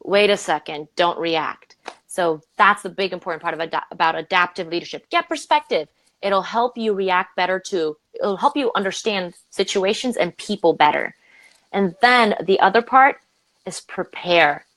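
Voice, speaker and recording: Woman, Romanian-born leadership coach, animated guest storyteller. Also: normal speed, no echo, low-quality recording. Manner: animated, acts out quoted voices with big pitch jumps. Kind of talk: conversational interview storytelling.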